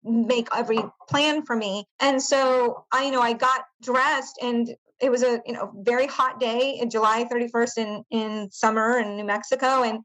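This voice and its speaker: A woman with a slightly high voice talks through her own past as a podcast interview guest. She is earnest and searching, often restarting sentences and filling gaps with small verbal fillers. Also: fairly even intonation, moderate pace, hardly any pauses, a bit bright, poor audio. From United States. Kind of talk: personal storytelling in an interview.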